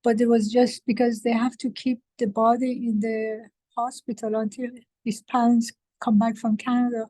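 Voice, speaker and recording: Woman, meeting participant, emotional and halting, somewhat high, mellow voice. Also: level tone, no room sound, low-quality recording. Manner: halting, emotional, many fillers and restarts. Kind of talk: casual group-meeting talk.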